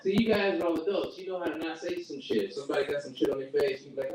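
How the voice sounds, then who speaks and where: A man doing a crude stand-up comedy set at a home open mic, with an animated delivery and squeaky put-on voices. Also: fast talker, hardly any pauses. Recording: echoey room from far off, noisy.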